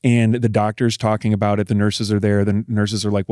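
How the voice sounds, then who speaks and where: A man's voice: on the low side, monotone, brisk, darkish tone, no room sound, clean studio sound. A middle-aged man from Texas, a guest in an interview, earnestly retelling an emotional family ordeal with many fillers. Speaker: guest, husband. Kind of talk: personal storytelling in an interview.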